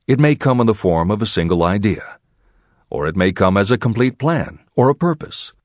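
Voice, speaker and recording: A man reading a self-help audiobook aloud in measured, expressive storytelling. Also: on the low side, no room sound, clean studio sound. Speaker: audiobook narrator. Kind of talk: scripted audiobook narration.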